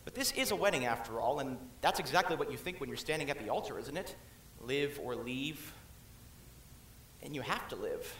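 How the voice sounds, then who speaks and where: A man's voice: mid-range voice, sing-song, fairly bright tone, a little hiss or hum. A man playing a wistful, musing musical fan. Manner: chatty, musing, halting asides. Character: wistful middle-aged man, musical fan confiding in audience. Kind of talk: amateur stage musical acting. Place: theater stage. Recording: roomy stage recording.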